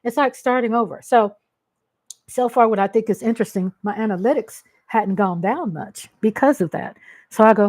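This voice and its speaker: A woman from Texas with a twang hosts a casual livestream from home. She talks straight to her viewers in an emotional, ranting way, and her voice sits a little high. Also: moderate pace, darkish tone. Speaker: livestream host. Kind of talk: casual live-stream chat.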